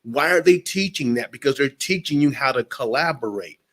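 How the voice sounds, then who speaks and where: A man's voice: mid-range voice, expressive, brisk, a bit bright. Emphatic motivational speaker, a man. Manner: preachy, emphatic, addresses listeners directly. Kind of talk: motivational interview talk.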